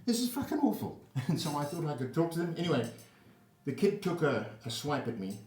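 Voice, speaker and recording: A man's voice: fairly high pitch, fairly quick. An older man from South Africa telling a rambling, profane personal anecdote in a casual way. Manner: rambling, profane, animated storytelling. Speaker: storyteller. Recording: roomy echo, mic at a distance.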